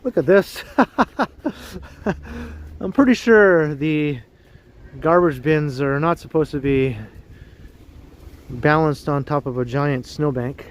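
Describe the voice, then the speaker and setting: A man's voice: on the high side, measured pace, pauses often. A man from Canada hosting a casual livestream while walking a snowy street, greeting chat viewers by name and laughing often. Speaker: livestream host. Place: snowy city street outdoors at evening.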